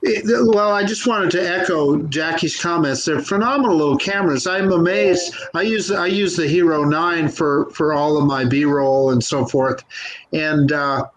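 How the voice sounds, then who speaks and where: A man's voice: fairly high pitch, moderate pace, low-quality recording. A man chatting enthusiastically on a live drone show. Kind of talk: casual chat.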